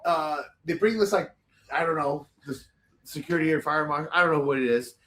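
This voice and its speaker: Male podcast guest, quick animated storyteller, slightly high voice. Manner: animated, rambling, swears freely. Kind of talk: casual storytelling.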